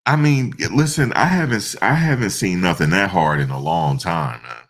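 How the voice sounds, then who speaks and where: A man giving casual, slangy reaction commentary, animated and repeating himself, often breaking into laughter. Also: deep voice, a little slow. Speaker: online commentator.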